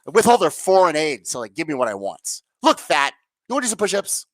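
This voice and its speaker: A crude, bullying old politician barks blunt orders, as a woman puts him on. The voice swings widely in pitch. It is dry and close, with no room sound. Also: very animated, a little fast, dry recording.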